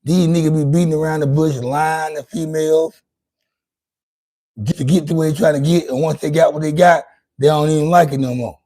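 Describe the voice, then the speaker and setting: A man's voice: on the high side, steady tone, fairly quick, dark tone. A man hosting his own livestream, talking loosely and profanely to his chat, rambling with lots of restarts. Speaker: livestream host. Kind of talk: casual livestream monologue.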